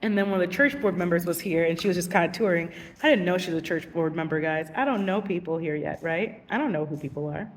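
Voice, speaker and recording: A young woman teacher telling casual vlog stories, animated and giggly, acting out voices. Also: fairly low pitch, quick pace, hardly any pauses, in a large hall, distant mic, a little hiss or hum.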